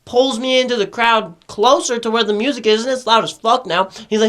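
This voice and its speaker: A man's voice: high-pitched, fast talker, few pauses, a bit bright. A young man telling a rambling, profane party story in casual podcast chat, peppering it with "right?".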